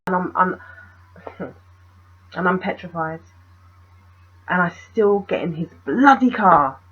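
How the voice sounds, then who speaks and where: A woman telling a personal story in a vlog, animated and full of rhetorical questions. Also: on the low side, slow pace, breathy edge, highs cut off. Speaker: vlogger.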